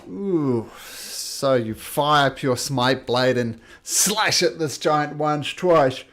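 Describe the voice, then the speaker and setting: A man's voice: fairly high pitch, slow pace, few pauses, fairly bright tone. A man running a tabletop game as game master, narrating combat with spoken sound effects.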